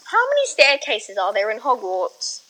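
Silly young woman co-host, squeaky bright voice, super bouncy. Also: very animated, normal speed, low-quality recording. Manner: goofy, teasing, cheers loudly. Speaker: book podcast co-host. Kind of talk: casual chat.

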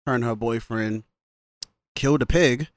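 A man's voice: medium pitch, normal speed, dry recording, clean studio sound. Laid-back man recapping a movie. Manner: laughs often, quotes characters in passing. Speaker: podcast co-host. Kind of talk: casual movie recap chat.

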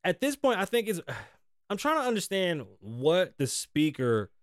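A man's voice: high voice, wildly swooping pitch, measured pace, no room sound, studio quality. Profane, rambling male podcast host. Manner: profane, rambling, sarcastic rants with mocking asides. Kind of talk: casual news commentary podcast.

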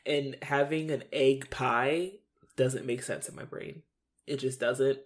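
A woman's voice: a bass voice, fairly even intonation, takes it slowly. A young woman co-hosting a podcast in casual chat, ranting with dry sarcasm and laughing often. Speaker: podcast co-host.

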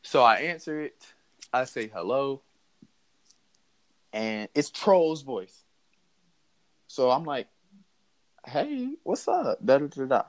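A young man telling a story in casual chat, animated and mocking, laughing as he goes. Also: mid-range voice, slow pace, long pauses. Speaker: podcast host telling a story.

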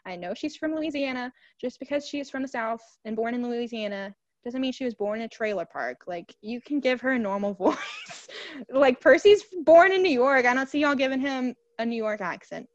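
A woman with a high voice co-hosts a podcast in casual chat, gushing about her favorites and swearing freely. Her voice sits close in a dry space with no room sound. The recording has a slightly dull, muffled sound. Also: lively intonation, normal speed, no room sound. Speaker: podcast co-host.

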